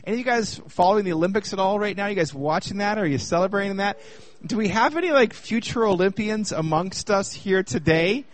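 A man from Canada in his thirties giving a personal testimony talk to a live group, joking with the crowd and then speaking more quietly about hard times. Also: high-pitched, brisk. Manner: lively and chatty with the audience, turning quieter while telling a hard personal story. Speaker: speaker at a youth gathering.

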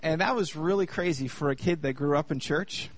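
A man's voice: a little high, fairly quick. Chatty Canadian man sharing his story. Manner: lively and chatty with the audience, turning quieter while telling a hard personal story. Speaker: speaker at a youth gathering. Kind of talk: personal testimony talk to a live audience.

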